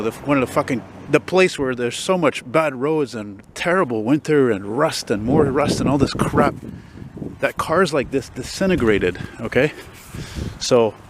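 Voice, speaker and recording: A man in his forties from Montreal, who vlogs about classic cars, speaks in a mid-range voice with a little hiss or hum in the audio. He rambles to camera on a city street about an old car, enthusiastic and full of fillers.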